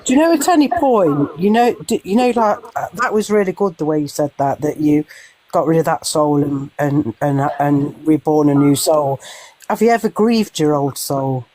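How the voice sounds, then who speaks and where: A woman with a notably low voice asks her interview questions gently. She speaks haltingly, pausing as she goes. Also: expressive, low-quality recording.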